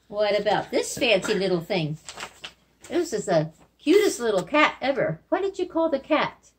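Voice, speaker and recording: A woman's voice: sits high, very animated, normal speed, a little hiss or hum. A woman teaching beginner Spanish to young children in a recorded remote lesson, quizzing them on animal words in an encouraging way.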